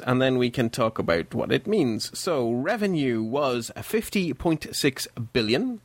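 An Irish man hosts a casual tech podcast. He reads off the figures in a steady, methodical run and keeps the discussion moving. His voice sits dry and close to the mic. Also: on the high side, no room sound. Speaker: podcast host.

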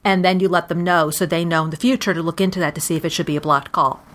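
A woman's voice: lowish voice, fast talker. A married woman in casual conversation, telling stories and acting out quoted voices. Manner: animated storyteller, acts out quoted voices. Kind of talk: casual chat.

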